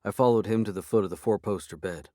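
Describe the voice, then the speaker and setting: A man reading a first-person fantasy novel aloud, in even, dry storytelling on a close microphone. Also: on the low side, quick pace, no echo. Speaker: audiobook narrator. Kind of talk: first-person fiction narration.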